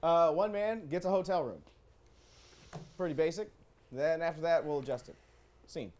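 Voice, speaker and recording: A man's voice: a little high, normal speed, darkish tone, slight background noise. A man hosting a live improv show, introducing games with wry quips.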